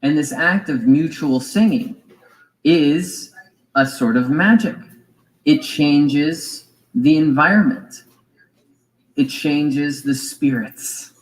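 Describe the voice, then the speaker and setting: A man lectures in an unhurried, drawn-out way, weighing each word as he muses on spiritual ideas. His voice sits at an ordinary middle pitch, and he drifts into fillers and quick asides. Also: rough recording. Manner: slow, deliberate, musing, with fillers and asides. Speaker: spiritual teacher. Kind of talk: reflective lecture.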